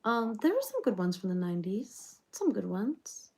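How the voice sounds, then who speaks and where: A woman's voice: medium pitch, big pitch swings, moderate pace, a little mellow, a little hiss or hum. A woman playing a rambling reality-show personality in a comedic parody monologue, chattering on with loads of fillers.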